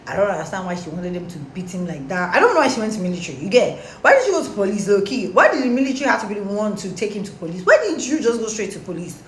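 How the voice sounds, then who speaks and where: A young woman telling a story casually to her followers, animated and slangy. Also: medium pitch, very fast, hardly any pauses, slight background noise. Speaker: storytime vlogger. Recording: roomy echo, faint background.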